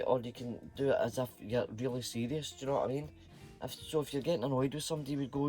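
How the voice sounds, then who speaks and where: A man's voice: medium pitch, fast talker, a little mellow, soft background music. A middle-aged man with a Scottish accent, chatting casually and playfully to his vlog viewers in a rambling way. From Scotland. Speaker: channel host.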